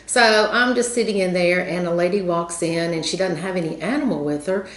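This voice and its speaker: A woman's voice: fairly low pitch, brisk. A woman with a Southern American accent, telling a story casually to her viewers in a chatty, rambling way with lots of fillers. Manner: chatty, rambling with many fillers, laughs often. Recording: roomy echo.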